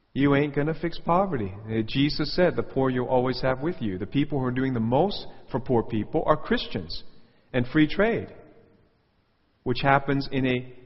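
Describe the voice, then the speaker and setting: A male preacher with a mid-pitched voice, animated and pointed, and he mocks the lines he quotes. The recording sounds dull. A long hall reverb trails after every phrase. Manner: animated, mocking quotes in a raised voice. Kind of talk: sermon with commentary.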